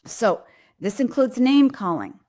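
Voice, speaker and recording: In an unhurried manner, with big swings in her rather high pitch and a darkish tone, a middle-aged woman answers parents' questions live. As a pediatrician and parenting host, she speaks earnestly and directly, acting out quoted lines from both parents and kids.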